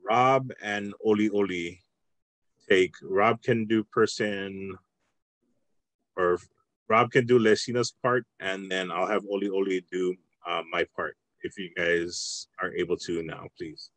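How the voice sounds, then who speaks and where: A man's voice: low voice, steady tone, a little slow, fairly bright tone, no echo. A man teaching an online language class over a video call, patient and thinking aloud with many restarts.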